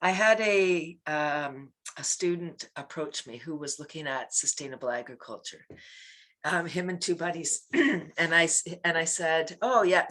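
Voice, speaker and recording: A woman who teaches laughter yoga, chatting on a video call, laughing often and leading loud ho-ho-ha-ha chants. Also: low-pitched. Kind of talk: casual interview chat.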